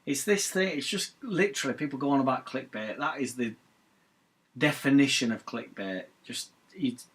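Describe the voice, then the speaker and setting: Blunt, swearing football fan. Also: male voice, medium pitch, moderate pace, a bit bright, breathy edge. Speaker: fan channel host. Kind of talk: live match watch-along commentary.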